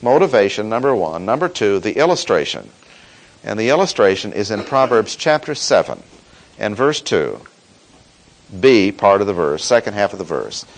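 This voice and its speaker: A preacher gives an expository sermon in a measured, emphatic way, his pitch rising and falling freely as he leans on key words and slows right down for stress. He is very animated, and the recording is rough.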